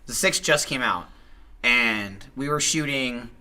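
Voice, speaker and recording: A man on a podcast, telling a story in casual chat with animated delivery. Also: medium pitch, slow. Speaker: podcast host.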